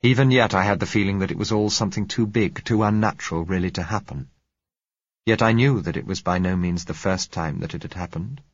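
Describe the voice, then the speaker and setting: A man narrating a novel in first person, in a measured, reflective way. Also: low voice, slightly rough, no echo, muffled recording. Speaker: audiobook narrator.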